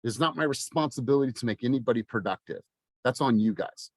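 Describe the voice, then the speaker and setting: A man's voice: mid-range voice, quick pace, dry recording. Man, thirties, fired-up sales coach, blunt and profane, dry close sound. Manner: passionate, swears, rising to near-shouting. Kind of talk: motivational team meeting talk.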